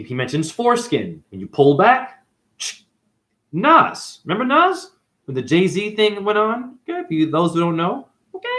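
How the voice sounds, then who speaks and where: A man delivering a rambling, profane spiritual monologue to viewers, calling them "honey.". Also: on the high side. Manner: animated, profane, calls listeners "honey". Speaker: video monologue host.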